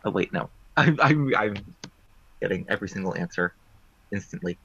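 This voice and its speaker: Rambling deadpan man on a muffled line. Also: fairly low pitch, moderate pace, vocal fry, slightly rough. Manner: rambling, playfully deadpan, full of fillers. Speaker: puzzle presenter. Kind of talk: joking puzzle game on a talk show.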